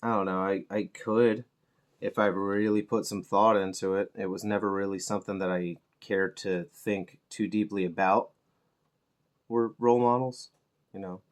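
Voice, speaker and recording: A middle-aged man talks in a loose, rambling way while he paints miniatures. His voice sits a little low, and he swears freely and pokes fun at himself in an easygoing, unhurried manner. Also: flat delivery. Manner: laid-back, swears freely, self-mocking humor. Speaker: miniature painting channel host.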